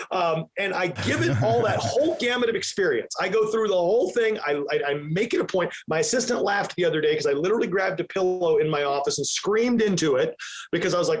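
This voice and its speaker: A man's voice: sits high, lively intonation, fast talker. A man answering podcast interview questions with emphatic energy, sometimes acting out his own inner voice. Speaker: real estate team leader, podcast guest.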